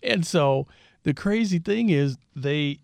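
A man's voice: on the high side, takes it slowly, gravelly, dry recording. A man in his fifties from Southern California, a guest telling stories in an interview and acting out what people said. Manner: animated storyteller who acts out quoted dialogue. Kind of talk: storytelling interview.

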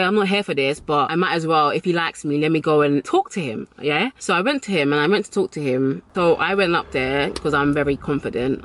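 A woman's voice: low voice, no echo. A woman giving motivational dating advice to camera, emphatic and repeating key lines for effect, and acting out the voices in her stories. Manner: animated storyteller, acts out quoted voices.

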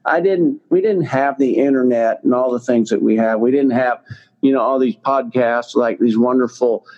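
An older man recounts his own story as an interview guest, circling back and repeating himself, with lots of fillers along the way. His voice sits at an ordinary middle pitch. The recording sounds a little dull and lo-fi. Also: moderate pace, darkish tone. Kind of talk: personal storytelling.

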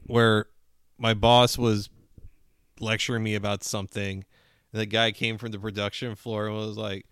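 A man co-hosting a podcast in casual chat, crude and animated, acting out quotes in silly voices. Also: fairly low pitch, moderate pace, clear, resonant tone, no room sound, studio quality. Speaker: podcast co-host.

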